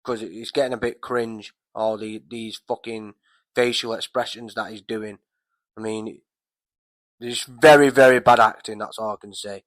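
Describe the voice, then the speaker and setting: A man's voice: lowish voice, fairly even intonation, moderate pace, no echo. A man giving a casual, rambling recap of a wrestling show, swearing heavily and getting heated. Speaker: wrestling commentator vlogger.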